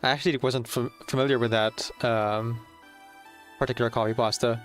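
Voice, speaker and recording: A man's voice: medium pitch, steady tone, normal speed, faint music behind. A young man chatting casually on a live stream, reading chat aloud, a bit nervous and laughing.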